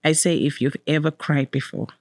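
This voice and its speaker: A middle-aged woman with a somewhat low voice tells a painful personal story as an interview guest. She speaks from the heart, repeating key words for weight and quoting her own prayers. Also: steady tone, normal speed, a little mellow. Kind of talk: emotional personal testimony.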